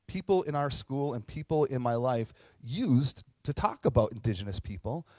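A man's voice: mid-range voice, darkish tone, no room sound. A man in his forties giving a casual, conversational sermon as a pastor, acting out quotes and adding frequent asides. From Minnesota.

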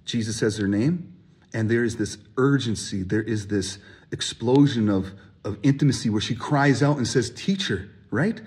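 A man preaching a sermon, animated and emphatic, acting out the voices of people in his stories. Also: on the low side, normal speed, breathy edge. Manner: animated, acts out voices in quotes, rising emphasis. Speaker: pastor.

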